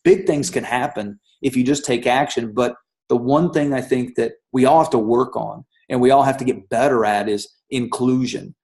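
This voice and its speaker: An upbeat man hosts a motivational talk at a medium pitch. He speaks straight to his listeners and urges them to think big and act. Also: fairly even intonation, moderate pace, a little mellow. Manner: upbeat, exhorting, addresses listeners directly. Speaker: host.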